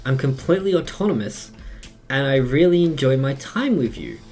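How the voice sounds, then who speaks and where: An Australian man voicing a calm, autonomous male AI in a game, reading its lines quietly and evenly. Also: medium pitch, moderate pace, faint music behind.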